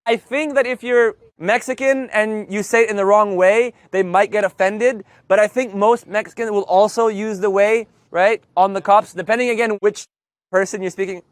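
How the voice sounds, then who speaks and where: A man from Canada teaching a live Spanish class, telling a story in a playful, animated way and acting out the voices. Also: high voice, moderate pace, no echo. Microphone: loudspeaker mic.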